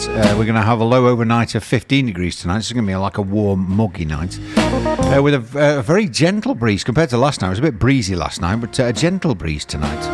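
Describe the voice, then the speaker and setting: A man hosting a breakfast radio show, chatting casually with playful, mock-grand banter. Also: on the low side. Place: radio studio. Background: music under the talk.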